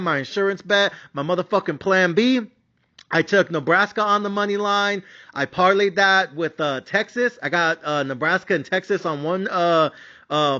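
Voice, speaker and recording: A rowdy man rants his way through a betting podcast, cursing freely and hyping himself up. His voice sits high with a sharp, bright edge. The recording sounds dull and lo-fi. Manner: boisterous, swearing, hyped-up. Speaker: sports betting podcast host. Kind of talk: casual profane podcast rant.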